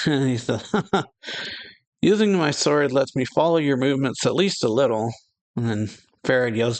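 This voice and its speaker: A man's voice: medium pitch, unhurried. A man reads manga dialogue aloud for his reaction channel, and his voice sits in the middle range. He jumps up a little for the characters' lines and laughs between them, in a loose, casual way.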